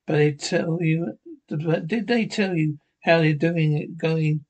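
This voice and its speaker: A man's voice: fairly high pitch, slow pace, darkish tone, dull audio. A man reading out a TV episode script, voicing all the parts himself, often stumbling and restarting words.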